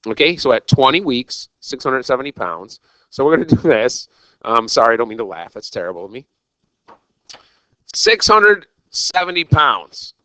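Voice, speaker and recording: A man's voice: mid-range voice, sing-song, moderate pace, sharp tone, no echo, rough recording. A man teaching a recorded algebra lesson, talking straight to his students in an exuberant, jokey, self-mocking way. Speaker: math teacher.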